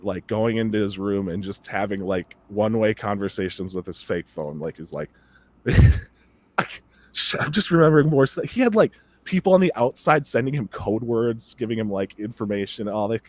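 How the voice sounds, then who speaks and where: A man co-hosting a podcast, rambling excitedly in casual chat and laughing often as he talks. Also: on the low side, moderate pace, no echo. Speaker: podcast co-host.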